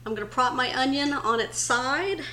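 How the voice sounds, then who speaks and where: Woman cooking host, slightly high voice, friendly and chatty, walking viewers through a recipe, faint noise behind. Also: moderate pace. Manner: friendly, chatty, addresses viewers as you guys. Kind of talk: cooking demonstration. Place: home kitchen.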